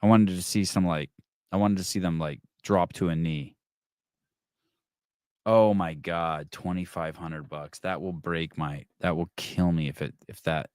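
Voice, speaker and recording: Profane, low-voiced man telling a story. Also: fairly even intonation, measured pace, a little mellow, clean tone, no room sound, studio quality. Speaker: podcast host. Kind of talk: casual storytelling and reading comments.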